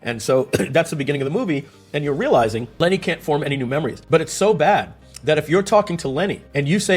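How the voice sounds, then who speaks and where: A man's voice: on the high side, fast, few pauses, breathy edge, faint music behind. A man giving a casual screen-share explanation, telling stories and asking rhetorical questions as he goes. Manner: animated, storytelling, rhetorical questions. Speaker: tech explainer.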